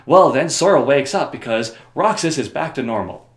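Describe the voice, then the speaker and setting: A man's voice: medium pitch, animated, moderate pace, echoey room. A man summarizing a video game story for comedy, rambling with joking, sarcastic asides. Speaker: video host.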